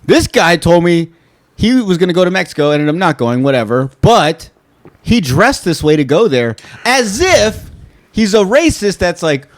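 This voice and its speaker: A man hosts a loose, joking podcast and keeps ribbing his co-host. His voice is a bit high and swings up and down a lot. The sound is dry and close, with no room to it. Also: normal speed, dry recording. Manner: animated, teasing, laughs often. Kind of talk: casual comedic chat.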